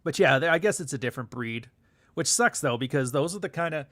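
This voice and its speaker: A man's voice: fairly high pitch, expressive, fairly quick, fairly bright tone, no room sound. A man from Canada chatting casually on a livestream, rambling and profane, reading out chat comments as he goes. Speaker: livestream host.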